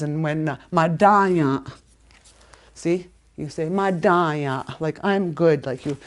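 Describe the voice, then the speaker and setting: Lower-voiced woman teaching words slowly. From Canada. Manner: animated, stresses words strongly when saying them; repeats words slowly for learners. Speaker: language teacher. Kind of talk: casual spoken lesson.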